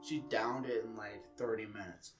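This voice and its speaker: A man's voice: fairly low pitch, steady tone, normal speed, faint music behind. A young man co-hosting a podcast in casual chat, telling stories loosely, laughing and swearing. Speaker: podcast co-host.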